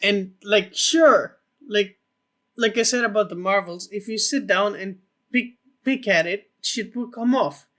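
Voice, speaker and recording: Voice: medium pitch, unhurried, fairly bright tone. A co-host on a casual film podcast, talking with blunt enthusiasm and some swearing.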